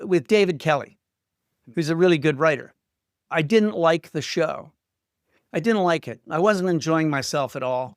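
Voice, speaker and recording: A middle-aged man from Canada telling stories as an interview guest, self-deprecating and lively when quoting others. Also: a little high, smooth, no echo, clean studio sound. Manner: self-deprecating, animated retelling of quotes. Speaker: guest screenwriter. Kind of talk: casual interview storytelling.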